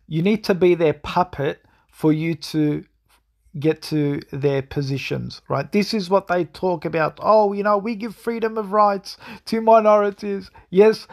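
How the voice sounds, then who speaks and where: A man talks through video clips in a rambling commentary, full of fillers. He laughs at his own points and keeps checking in with his viewers. His voice is slightly high for a man, with a gravelly, creaky edge. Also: darkish tone. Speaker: online commentator.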